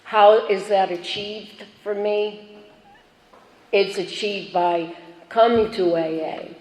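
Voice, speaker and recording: A woman's voice: medium pitch, steady tone, slow, darkish tone. A woman speaking at a recovery meeting, telling her own story in a chatty, self-mocking, joking way. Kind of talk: personal share at a recovery meeting. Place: meeting hall. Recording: echoey hall, faint background noise.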